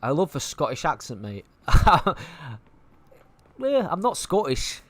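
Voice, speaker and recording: A man's voice: on the high side, huge pitch swings, moderate pace, no room sound. A man with a Manchester accent chatting and thinking aloud over a game he plays, casual and a little sweary. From England. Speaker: gaming streamer. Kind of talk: casual gameplay commentary.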